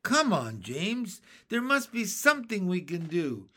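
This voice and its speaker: A brash, impatient centipede out of a storybook who jeers and hurries everyone along, as a man voices him. His voice is pitched up and bounces around with a pushy energy. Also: wildly swooping pitch, a little slow, sharp tone, exaggerated voice. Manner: pushy and jeering.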